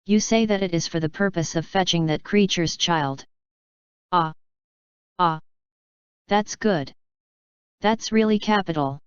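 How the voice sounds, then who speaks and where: A woman's voice: lowish voice, measured pace, long pauses, clean tone, no echo, dull audio, lightly acted. A woman reading as a stern, scornful police inspector. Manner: harsh and scornful.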